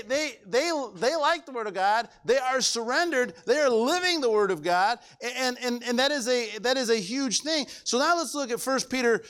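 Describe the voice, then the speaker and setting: Animated high-voiced preacher man. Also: smooth. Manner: emphatic, animated preaching with rhetorical questions. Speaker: pastor. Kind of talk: sermon.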